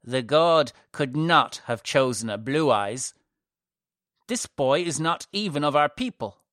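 A man voicing a scornful, haughty old woman who is a high priestess, speaking harshly and loudly with a sneer. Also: measured pace, dry recording, clean studio sound, lightly acted.

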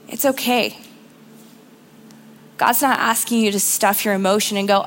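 A woman's voice: mid-range voice, steady tone, moderate pace, pauses often, a bit bright. A young woman giving an earnest, encouraging sermon in church, repeating phrases for emphasis. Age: young adult. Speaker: youth speaker giving the sermon.

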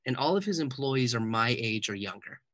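A man with a mid-range voice speaks briskly in a dry, echo-free setting. A guest author and speaker, he tells stories during an interview and animatedly acts out the quoted dialogue.

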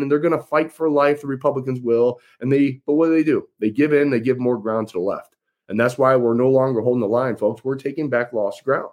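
In a slightly high voice with a darkish tone, a political candidate delivers a campaign address to his followers. He's folksy and emphatic and repeats phrases for effect.

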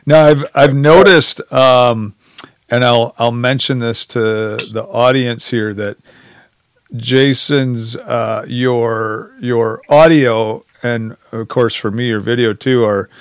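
A man's voice: mid-range voice, fairly even intonation, slow pace, clear, resonant tone, no room sound. A man hosting a podcast over a video call, chatting in a joking, self-deprecating way with many restarts, then reading a story aloud. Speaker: podcast host.

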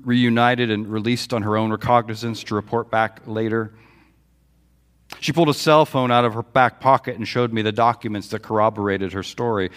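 A man's voice: mid-range voice, fairly bright tone. Male pastor, sermon delivery, storytelling preacher who acts out the quotes. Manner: storytelling preacher, quoting dialogue with feeling. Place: church sanctuary.

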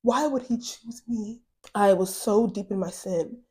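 A woman's voice: mid-range voice, unhurried, darkish tone. Woman podcast host, earnest and casual, sharing a personal testimony with a loose, chatty delivery. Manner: casual, earnest, many fillers like "like".

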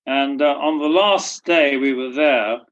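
An older man tells stories in an interview, and his delivery has a dry, wry humor. His voice sits at a middling pitch. The recording is dull and lo-fi. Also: a little slow, fairly bright tone. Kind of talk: storytelling anecdotes.

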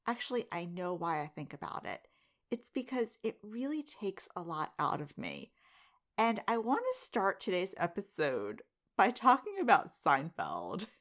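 A middle-aged woman hosts a casual solo podcast. Her voice sits in a middle pitch but moves up and down a great deal. She laughs often and keeps turning to the listener with direct questions. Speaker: podcast host.

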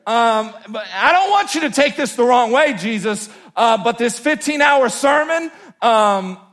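A man's voice: very high voice, animated, unhurried, fairly bright tone, voice pushed up, exaggerated voice. A man voicing a bold, brash male disciple who stammers and wheedles. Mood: wheedling. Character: brash, bold male disciple Peter pleading with his teacher.

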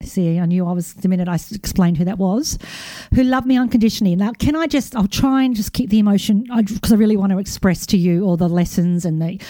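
A woman's voice: medium pitch, quick pace, warm tone, no room sound, studio quality. An Australian woman in her forties hosting a podcast, talking in a rambling, emotional, self-correcting way, a bit hyper after a walk. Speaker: podcast host. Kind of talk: casual monologue.

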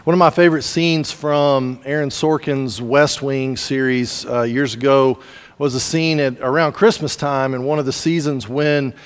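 A pastor delivering a sermon in a conversational, storytelling way with casual asides. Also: male voice, medium pitch, steady tone, normal speed, long reverb tail.

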